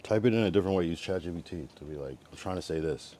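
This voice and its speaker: A young man livestreaming, chatting to viewers in a rambling, profane way, swinging from mutters to loud taunts. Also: low-pitched, very fast. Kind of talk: casual live-stream chat reacting to viewers.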